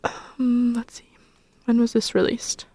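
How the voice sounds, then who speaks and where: A woman's voice: fairly high pitch, flat delivery, slow pace, dark tone, dry recording, in a whisper. A young woman in her twenties hosting a college radio show, chatting casually and self-consciously, with lots of rambling and fillers. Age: 20s. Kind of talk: casual on-air chat.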